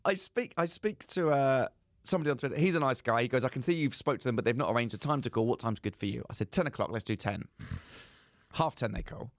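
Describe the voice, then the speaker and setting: A young podcast co-host, speaking fairly quickly at medium pitch, tells a humorous story and acts out each side of phone calls. It's a casual chat in a dry, studio-quality recording.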